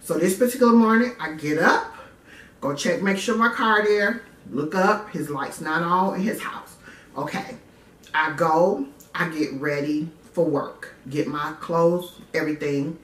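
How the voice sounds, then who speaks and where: Woman, from Detroit, personal vlog storytelling, candid, animated, swears freely, roomy echo, distant mic. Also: deep voice, unhurried. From Detroit, USA. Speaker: vlogger telling a personal story. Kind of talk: casual first-person storytelling. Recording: echoey room, mic at a distance.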